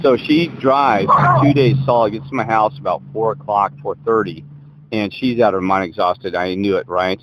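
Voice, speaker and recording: A man's voice: lowish voice, moderate pace, background noise. A man co-hosting a podcast, telling a long story in a rambling, self-interrupting, emphatic way. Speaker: podcast co-host. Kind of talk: casual chat, rambling storytelling. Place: Colorado.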